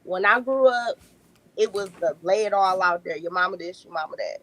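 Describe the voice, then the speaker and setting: A woman, a podcast guest telling lively family stories and laughing often. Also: medium pitch, normal speed, poor audio. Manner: animated storyteller, laughs often. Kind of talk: casual podcast chat.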